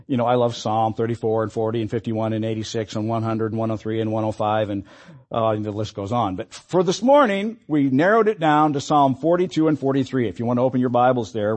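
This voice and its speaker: A man's voice: medium pitch, a little mellow. A man preaching a sermon as pastor, in an earnest, conversational way with occasional fillers and restarts.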